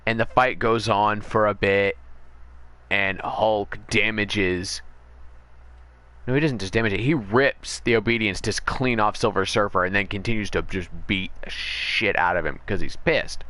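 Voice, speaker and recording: A man talks casually over his game stream, retelling a story in a rambling way. His voice sits a bit low but sounds bright and forward. He stops to correct himself, then rushes ahead in quick bursts. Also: fairly even intonation, no echo. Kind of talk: casual storytelling while gaming.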